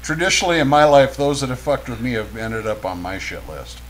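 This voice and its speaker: A man co-hosting a casual chat, gruff and tough-talking with deadpan delivery. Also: mid-range voice, fairly quick, slight background noise, low-quality recording. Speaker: co-host.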